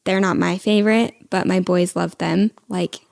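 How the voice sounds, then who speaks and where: Gravelly-voiced young woman podcast host. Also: lowish voice, fairly even intonation, normal speed, a little mellow. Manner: friendly and curious, asks questions with light laughs. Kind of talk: casual interview chat.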